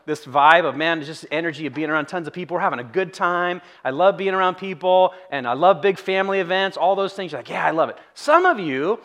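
Bright, chatty man preaching a sermon. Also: sits high, lively intonation, brisk, few pauses. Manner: conversational and humorous, acts out quoted voices. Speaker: pastor. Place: church sanctuary.

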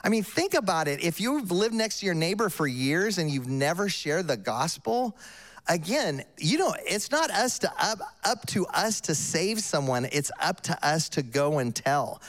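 A man's voice: a little high, sing-song, normal speed, a bit bright. An older man preaching a sermon, telling a story in a conversational, emphatic way.

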